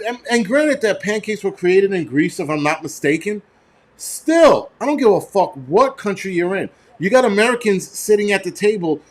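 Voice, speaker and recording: A middle-aged man hosts a casual livestream chat, ranting with heavy profanity and animated outbursts. His voice is a little high.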